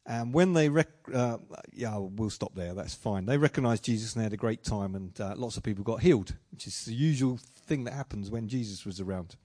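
A man preaching a sermon in a relaxed, chatty way, telling personal stories and often restarting his sentences. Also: on the low side, fairly quick, hardly any pauses. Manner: chatty, self-deprecating, frequent restarts.

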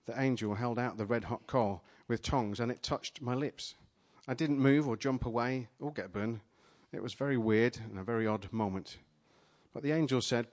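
A man preaching a sermon, retelling a vision in the first person, dramatic at first and then playful and energetic with volunteers in front of a live congregation. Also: medium pitch, normal speed. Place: church gathering with a live audience.

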